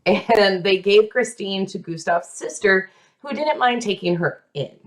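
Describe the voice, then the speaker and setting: Her medium-pitched, expressive voice carries a true story on her podcast, told casually and dramatically, peppered with asides and snappy impressions of those in it.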